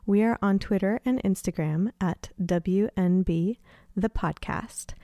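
A woman's voice: mid-range voice, a little slow, warm tone, no room sound, clean studio sound. A woman host reading a scripted podcast intro in an upbeat, friendly way.

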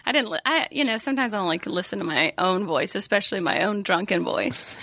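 A woman's voice: mid-range voice, expressive, fast talker, a bit bright. A woman co-hosting a podcast, chatting casually and laughing often. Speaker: podcast co-host. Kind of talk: casual chat.

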